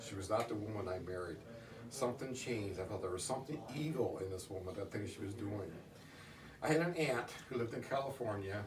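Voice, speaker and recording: A middle-aged man answering interview questions, telling stories in a halting way with many restarts. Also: on the low side. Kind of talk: casual storytelling in an interview. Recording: distant roomy recording with faint noise.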